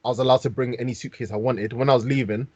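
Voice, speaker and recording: A man's voice: medium pitch, fairly even intonation, rapid-fire, no room sound. A man from London with a London accent, animatedly telling stories on a casual podcast, heavy with slang. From London, England. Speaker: podcast host. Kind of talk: casual storytelling. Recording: dull dry podcast mic.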